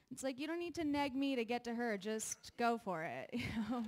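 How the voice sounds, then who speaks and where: A woman's voice: fairly high pitch, brisk, hardly any pauses. A young woman doing a stand-up comedy set on a live stage, chatty and self-deprecating, laughing between her jokes. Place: live venue with an audience.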